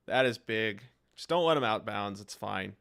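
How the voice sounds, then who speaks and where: A young man streaming live play-by-play reactions to a football game, calling the action and reacting excitedly, his voice starting to wear out. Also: fairly low pitch, moderate pace, creaky, clean tone. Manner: excited commentary, reacting aloud to plays.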